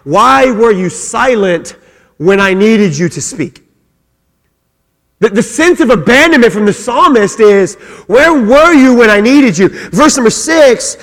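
A man's voice: extremely high pitch, animated, measured pace, in a large hall. A man preaching a sermon as pastor, earnest and repeating words as he builds his points. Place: church.

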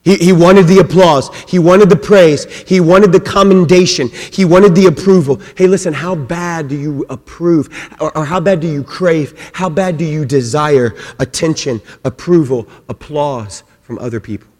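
A man preaching a sermon as pastor, swinging between loud, forceful passages and quiet ones. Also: a little high, normal speed, in a large hall.

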